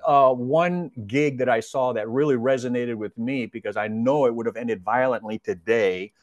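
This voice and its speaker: A man's voice: mid-range voice, no room sound, clean studio sound. A middle-aged man, a retired police officer as a podcast guest, telling stories in an earnest, reflective way. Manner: earnest, reflective, gently persuasive. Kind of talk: casual storytelling conversation.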